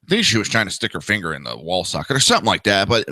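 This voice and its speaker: Crude, animated ranting man. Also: fairly low pitch, very fast, no echo. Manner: crude, profane and sarcastic. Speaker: talk show host. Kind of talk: ranting commentary.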